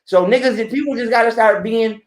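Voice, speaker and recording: High-voiced guy going off blunt and preachy on a live stream, cussing a lot, echoey room. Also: a little fast. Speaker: podcast guest. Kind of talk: casual live-stream talk.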